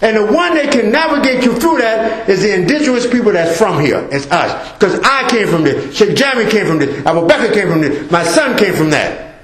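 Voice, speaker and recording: A man's voice: high-pitched, expressive, normal speed, a bit bright. A middle-aged American man giving a talk to a mosque congregation, emphatic and repetitive, acting out asides. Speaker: guest speaker. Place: mosque hall. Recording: echoey mosque hall.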